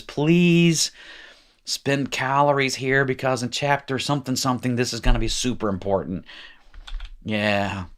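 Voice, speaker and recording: A man's voice: medium pitch, fairly bright tone. A man teaching a recorded language lesson in a chatty, informal way, with joking asides. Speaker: Hebrew teacher. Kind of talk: recorded lecture.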